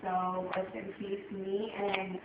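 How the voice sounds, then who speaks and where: A teenage girl speaking quietly and nervously in a casual phone video. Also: mid-range voice, little pitch movement, slow pace, background noise. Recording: tinny, echoey phone audio from a distance.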